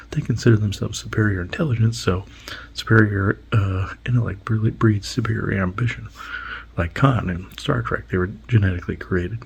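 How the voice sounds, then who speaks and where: Host, man, casual rambling monologue, gravelly voice, slips into half-whispers. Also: on the low side, a little hiss or hum, poor audio. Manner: rambling, with frequent restarts and half-whispered asides. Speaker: podcast host. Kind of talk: casual monologue recounting dreams.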